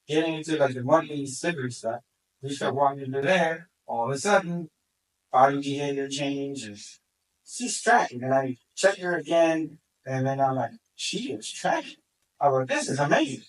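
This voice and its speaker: A man who handles a search dog tells the story at a community meeting, excitedly acting out what he said. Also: fairly high pitch. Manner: excited, acts out his own quoted remarks. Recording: distant from the mic.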